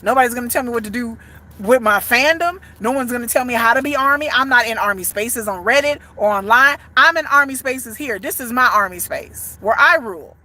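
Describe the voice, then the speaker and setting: She speaks briskly in a bright, forceful voice that's on the high side, with lively intonation. As a fan content creator for a band, she gives her channel a ranting commentary that's blunt, profane and emphatic.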